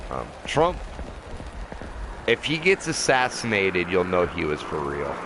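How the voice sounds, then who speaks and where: Man, lowish voice, heated profane rants over live gameplay; camper setting, noisy stream audio. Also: sing-song, a little slow. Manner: profane, impassioned ranting. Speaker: livestreaming gamer. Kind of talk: ranting live gaming commentary. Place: inside a camper. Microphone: desk mic.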